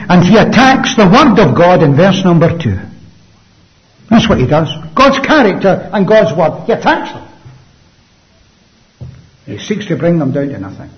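A man preaching a sermon emphatically, with rhetorical questions and swings between loud and hushed delivery. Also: high-pitched. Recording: dull lo-fi sound.

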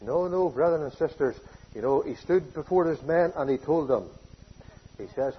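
Emphatic preacher with a husky voice. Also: male voice, fairly high pitch, expressive, moderate pace. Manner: emphatic preaching, swings between loud declarations and hushed phrases. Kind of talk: sermon. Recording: dull lo-fi sermon recording.

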